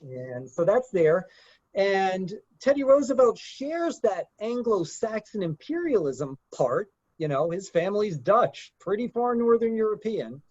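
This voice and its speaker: A man with a notably high voice leads a group discussion, lecturing in a loose, conversational way. He hesitates often and pads his sentences with fillers. The recording is dry and dull, with a lo-fi edge. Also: big pitch swings, a little slow, a little mellow, no echo. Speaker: discussion leader.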